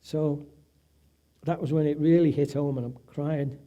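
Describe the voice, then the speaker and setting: A man's voice: on the high side, fairly even intonation, a little slow, warm tone. A middle-aged man giving an emotional personal testimony at an event, acting out the voices of people he quotes. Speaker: event speaker, patient's husband.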